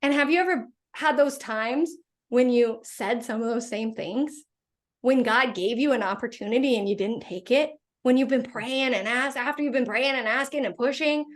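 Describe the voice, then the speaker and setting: High-pitched woman speaker leading a motivational faith talk, animated storyteller. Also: gravelly. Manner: storytelling with acted voices. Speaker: host.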